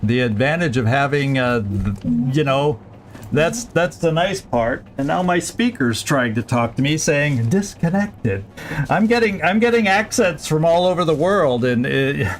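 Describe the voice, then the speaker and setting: A man's voice: on the high side, lively intonation, measured pace. A man streaming a strategy game, thinking aloud through each move with plenty of fillers and restarts. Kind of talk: casual let's-play commentary.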